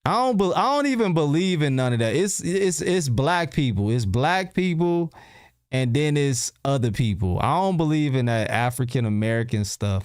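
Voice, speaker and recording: Livestream host, male, mid pitch, smooth clear voice, dry close sound; slangy, repeats questions to chat. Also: no echo. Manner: repeats himself and fires rhetorical questions at viewers; loose slangy street talk. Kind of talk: casual livestream commentary.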